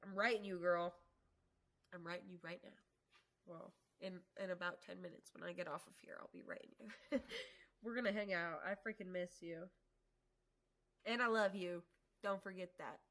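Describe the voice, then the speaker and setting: Bright-voiced chatty woman on a livestream. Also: on the low side, fairly even intonation, normal speed, pauses often. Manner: chatty, laughs often, swears casually. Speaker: livestream host. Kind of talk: casual live-stream chat. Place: home workshop.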